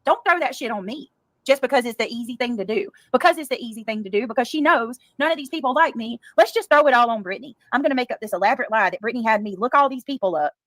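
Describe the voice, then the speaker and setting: A woman with a somewhat high voice rants on a livestream, indignant and profane, repeating herself as she defends her name. The sound is dry, with no room echo. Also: expressive, quick pace, fairly bright tone. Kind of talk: livestream rant.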